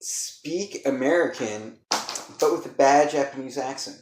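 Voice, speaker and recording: A man's voice: medium pitch, measured pace, noisy background. Laid-back guy in an echoey room. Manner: laid-back, says "man" a lot. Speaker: podcast co-host. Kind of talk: casual chat.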